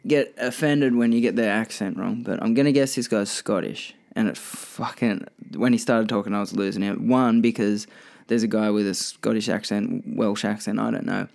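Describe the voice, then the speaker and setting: A man's voice: on the low side, steady tone, moderate pace, gravelly, few pauses, a little mellow. A young man hosting a casual solo podcast, rambling and swearing freely with many restarts. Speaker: podcast host.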